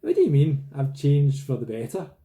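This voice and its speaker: A man's voice: fairly high pitch, wildly swooping pitch, moderate pace, mellow. A man voicing an angry, defiant teenage schoolboy who makes threats. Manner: heated, threatening.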